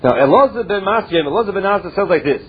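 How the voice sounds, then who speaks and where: A man's voice: high voice, expressive, fast talker, slightly rough. A man teaching a Talmud study lesson, reading Hebrew and Aramaic phrases and explaining each in plain English. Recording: tinny phone-like audio.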